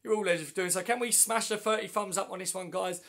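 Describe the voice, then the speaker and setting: Hoarse man chatting on a fan livestream. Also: high voice, fairly even intonation, fast talker, a bit bright. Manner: chatty, matey, answers comments one by one. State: hoarse with flu. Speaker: livestream host. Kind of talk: casual livestream chat reading viewer comments. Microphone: phone.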